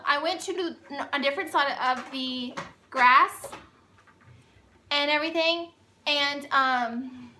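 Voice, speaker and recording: A woman's voice: sits high, pushed and bright. A woman telling a storytime vlog in a chatty, rambling way. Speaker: vlogger.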